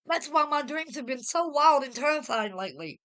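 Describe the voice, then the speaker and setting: A woman's voice: high voice, lively intonation, normal speed, a bit bright, voice pushed up. A woman voicing a frightened, hysterical young wife who pleads and shrieks in distress. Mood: distraught.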